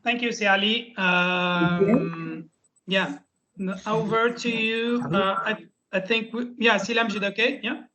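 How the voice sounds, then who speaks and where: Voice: medium pitch, steady tone, takes it slowly, pushed and bright, rough recording. A moderator handing the floor to speakers on a webinar. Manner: brief hand-offs. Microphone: video call.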